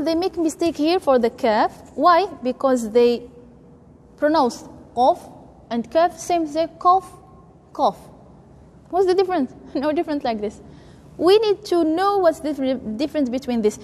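女老师，声音偏高，语速缓慢，带大厅混响。. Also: female voice, high voice, lively intonation, unhurried, darkish tone, long reverb tail. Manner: patient, demonstrates sounds by repeating them. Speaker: Quran recitation teacher. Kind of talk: tajweed pronunciation lesson.

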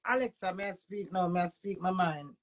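A woman's voice: lowish voice, brisk. A woman with a Jamaican accent, a vlogger delivering an agitated, repetitive emotional rant full of swearing.

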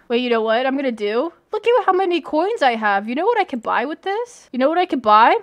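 A woman gaming streamer with a high, lively voice that swoops up and down as she reacts. She is excitable and giggly, breaking into yelps and shrieks as she talks over her headset mic. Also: brisk, few pauses. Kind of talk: live game commentary.

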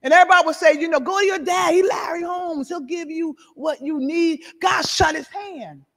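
High-voiced woman preaching in a big echoey church. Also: moderate pace. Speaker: apostle and pastor. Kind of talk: sermon with personal testimony. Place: church sanctuary. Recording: reverberant hall.

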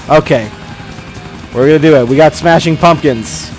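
A man's voice: on the high side, lively intonation, slow pace, soft background music. Exasperated swearing gamer man. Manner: exasperated, swearing, yelling at the game. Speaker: let's play host. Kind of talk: gameplay commentary.

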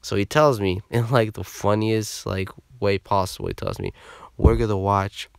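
Smooth low-voiced man telling a profane story. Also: moderate pace, no room sound. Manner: profane, animated, slangy. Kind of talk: casual storytelling.

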